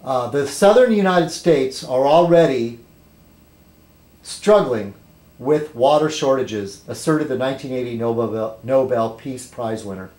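A man vlogging, reading a news item aloud haltingly and then rambling through political commentary, tripping over foreign words. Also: medium pitch, a little mellow. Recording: echoey room.

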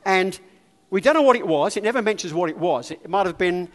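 A man giving an informal sermon, telling a personal story in a conversational, animated way. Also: high voice, fairly quick. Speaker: lay preacher. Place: church. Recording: church hall reverb.

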